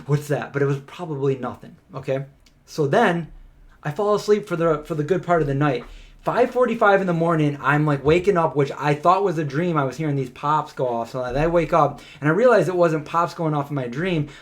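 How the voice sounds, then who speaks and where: A man co-hosting a live question-and-answer stream, telling a story in a casual, animated way with lots of filler words. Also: fairly high pitch, fairly quick. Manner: animated, chatty, many "like" fillers.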